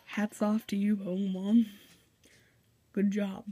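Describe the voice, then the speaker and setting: A man's voice: high voice, level tone, a little slow, mellow, husky, lo-fi sound. A young man hosting a let's play video, chatting casually and reading game dialogue aloud. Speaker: gaming video host. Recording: faint game music behind.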